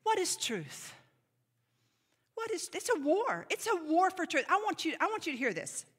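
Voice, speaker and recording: A woman preaching a sermon in an animated, emphatic way, slipping into playful mock voices to make her points. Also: very high voice, normal speed, in a large hall.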